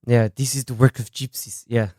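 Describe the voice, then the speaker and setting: A man's voice: mid-range voice, fairly quick, dry recording, clean studio sound. A young man hosting a casual podcast, retelling movie scenes with quoted lines and frequent laughter. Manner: animated, laughs often, quotes scenes in voices. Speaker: podcast host.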